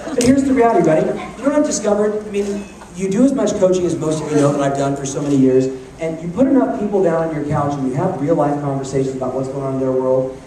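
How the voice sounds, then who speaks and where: A man giving an energetic motivational talk to a live audience, joking and firing questions at the crowd. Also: a little high, slight background noise. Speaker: motivational speaker. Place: large conference hall. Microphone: handheld camcorder in the audience. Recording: echoey hall taped from far off on a camcorder.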